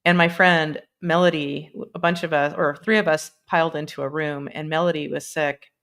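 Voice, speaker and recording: A woman's voice: low voice, steady tone, moderate pace, a bit bright. A woman hosting a casual live stream, rambling between topics, laughing often and swearing freely. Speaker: livestream host. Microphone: computer mic on a live stream.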